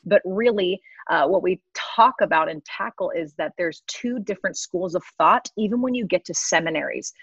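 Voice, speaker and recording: A woman's voice: lowish voice, moderate pace, few pauses, a bit bright, breathy edge, dry recording. A woman in her thirties, a guest sharing an earnest personal testimony with frequent laughs. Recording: slightly dull lo-fi recording.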